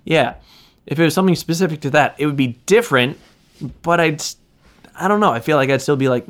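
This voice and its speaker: Man, Midwestern American accent, podcast co-host, casual rambling chat, swears a lot, mid-pitched voice. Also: moderate pace, fairly bright tone. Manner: loose and rambling, swears freely.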